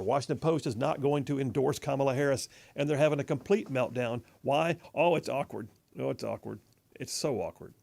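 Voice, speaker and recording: A man hosting a conservative talk radio show in a studio, mocking and animated, stretching words for emphasis. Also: medium pitch. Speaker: radio host. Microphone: studio mic.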